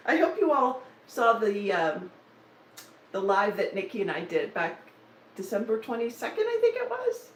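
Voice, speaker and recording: A woman's voice: medium pitch, big pitch swings, takes it slowly, pauses often, a little hiss or hum. A woman in her sixties chatting casually and teasingly on a home live stream, laughing often. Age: 60s. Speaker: cross-stitch vlogger. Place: home in Denver. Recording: roomy, slightly distant mic with faint ambience.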